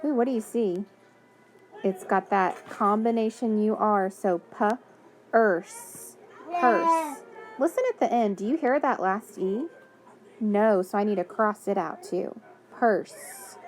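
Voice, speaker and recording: A woman's voice: mid-range voice, a little mellow. A woman teaching a phonics lesson to young children, patiently sounding out words and praising answers.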